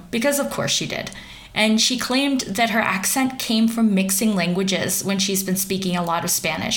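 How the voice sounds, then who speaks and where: A woman's voice: medium pitch, a bit bright. Sardonic woman dishing celebrity gossip. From central Pennsylvania, US. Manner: sarcastic, wry asides. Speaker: commentator.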